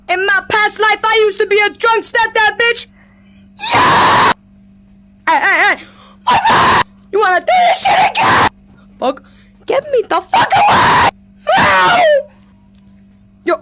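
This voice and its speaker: Squeaky, brash shouting woman gamer. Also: very animated, slow pace, long pauses. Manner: brash, profane, yelling often, meowing. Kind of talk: let's-play commentary. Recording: audible background noise.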